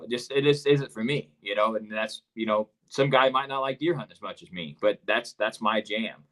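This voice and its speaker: A man's voice: mid-range voice, brisk, few pauses, a bit bright, low-quality recording. A man speaking candidly and plainly in a casual podcast chat.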